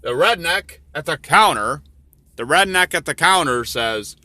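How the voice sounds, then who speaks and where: A man's voice: a little high, animated, measured pace, bright, forceful tone, no room sound. A man reading his own story aloud, with rambling, profane, offhand commentary between passages.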